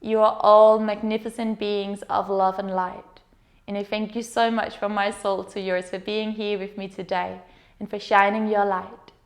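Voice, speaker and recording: A woman yoga teacher leading a guided meditation with slow, soothing, gentle instructions. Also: medium pitch, level tone.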